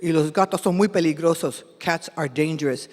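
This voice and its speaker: Woman as stern storybook father mouse, deep and gruff. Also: a little fast, darkish tone, long reverb tail. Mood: warning. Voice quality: low gruff voice.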